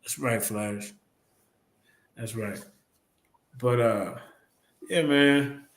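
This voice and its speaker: A man's voice: mid-range voice, very slow. Rambling male stream host, echoey room. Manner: loose, repetitive, swears casually. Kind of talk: casual live stream talk.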